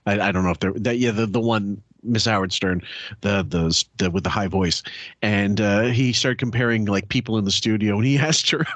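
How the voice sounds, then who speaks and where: A man's voice: on the low side, steady tone, normal speed, fairly bright tone, no room sound. A man co-hosting a podcast, mocking and laughing between his words. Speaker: podcast co-host. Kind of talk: casual chat.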